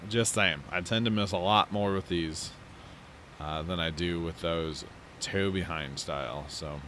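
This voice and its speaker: A low-voiced let's play host rambles casually through his farming game, yawning and joking about his own mistakes. Drowsy after a big lunch, he speaks a little slowly with a slightly bright tone, over a faint hum of game machinery.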